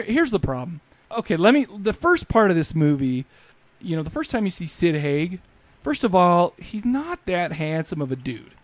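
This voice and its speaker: A man hosting a podcast, chatting casually about a film, animated and joking with quick asides. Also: fairly high pitch, no echo. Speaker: podcast host. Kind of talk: casual movie review chat.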